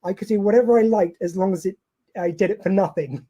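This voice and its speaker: A podcast host asking interview questions, hesitant and full of fillers. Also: male voice, sits high, quick pace, mellow.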